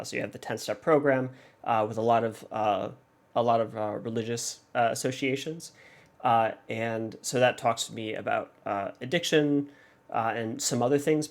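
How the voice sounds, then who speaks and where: A man hosting a reaction video, working through a song in casual analysis. He thinks aloud hesitantly, with many pauses and fillers. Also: medium pitch.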